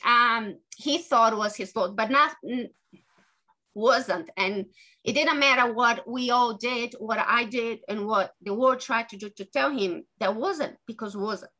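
A woman author talking earnestly as an interview guest, halting and restarting her sentences often. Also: a little high, pushed and bright, poor audio. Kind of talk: podcast interview conversation.

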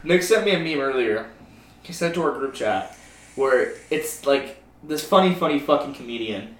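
A man's voice: medium pitch, animated, moderate pace, a bit bright. A young man chatting casually with friends, telling crude stories with lots of laughter and acting out the voices in them. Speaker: friend in group chat. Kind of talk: casual chat. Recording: roomy echo, distant mic, faint ambience.

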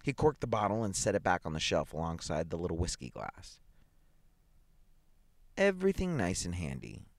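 Man, story reader, low pitch, lively intonation, dry recording. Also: quick pace, hardly any pauses, no room sound. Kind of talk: dramatic story reading.

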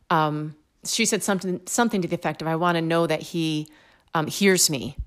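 A woman telling a personal faith story with animated storytelling, acting out both sides of the dialogue. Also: sits low, a little fast.

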